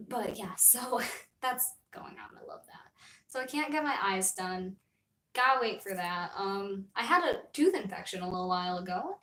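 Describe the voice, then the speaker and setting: A young woman streams live, chatting casually to her viewers in a rambling, giggly and self-deprecating way. Her voice sits a little high. The sound is roomy, and her voice is picked up by a mic some distance from her. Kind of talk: casual livestream chat.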